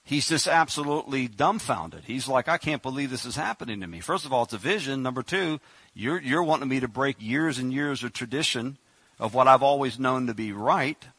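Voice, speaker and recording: A man's voice: mid-range voice, normal speed, a bit bright, breathy edge, no echo. A man preaching a sermon in a conversational way, acting out the people in the story as he goes. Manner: conversational preaching, acts out biblical characters.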